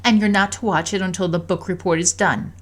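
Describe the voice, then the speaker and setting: A woman voicing a gentle, loving mother in a game story, speaking softly and reassuringly. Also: on the low side, fairly even intonation, brisk, lightly acted. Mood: tender.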